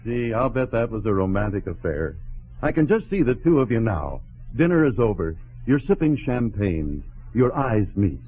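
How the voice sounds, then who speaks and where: A man's voice: lowish voice, sing-song, normal speed, husky. A man playing a teasing, wisecracking friend in a 1940s radio comedy. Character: wisecracking jovial male friend. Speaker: visiting friend. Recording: tinny old radio broadcast with studio audience.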